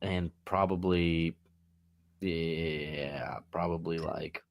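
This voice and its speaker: A man's voice: sits low, fairly even intonation, very slow, dry recording. A man co-hosting a casual sports talk stream, joking around and speaking bluntly in loose slang. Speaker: podcast co-host. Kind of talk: casual chat.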